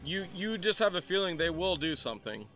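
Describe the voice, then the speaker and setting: Halting young man running a tabletop game. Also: high voice, big pitch swings, bright, forceful tone, faint music behind. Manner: halting, many fillers and restarts. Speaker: game master.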